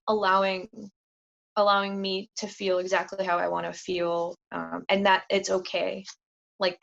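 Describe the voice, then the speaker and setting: An earnest woman talking openly as a podcast guest, her voice at a middle pitch. She strings her thoughts together with plenty of "like" and jumps into livelier voices when she quotes people. The sound is a little dull and lo-fi. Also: gravelly. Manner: earnest, heavy on "like" fillers, acts out quotes in a lively voice. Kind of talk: candid casual interview talk.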